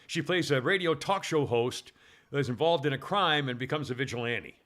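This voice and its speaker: A man's voice: medium pitch, moderate pace, a bit bright. A man hosting a talk radio show, reading this-day-in-history items in a rambling way, full of uhs and restarts.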